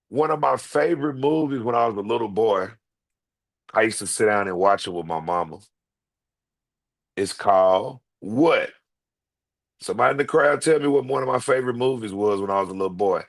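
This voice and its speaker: A middle-aged man hosting a live stream, talking straight to his chat in an animated, repetitive way and swearing freely. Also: medium pitch, a little fast. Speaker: livestream host.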